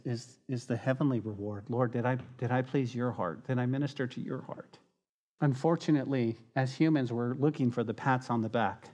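A man preaching a sermon to his church as its pastor, in a lively, conversational way with animated asides. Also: mid-range voice. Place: church sanctuary.

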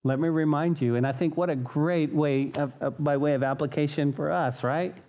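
A man preaching to his congregation in a slightly higher register. He talks in an animated way, repeating words as he builds a point and slipping into little acted voices. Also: moderate pace, dull audio. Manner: animated, acts out quoted voices, frequent restarts. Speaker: pastor. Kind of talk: sermon.

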